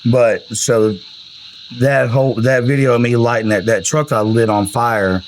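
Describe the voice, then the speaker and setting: A man's voice: medium pitch, steady tone, a little slow, a little hiss or hum, rough recording. A man, telling rambling, profane stories about his music in a casual way. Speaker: country singer telling album stories. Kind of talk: casual storytelling.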